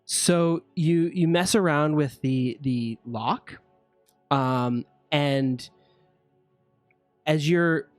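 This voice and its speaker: A man narrating as game master, halting and relaxed, with many fillers. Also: fairly high pitch, dry recording, faint music behind.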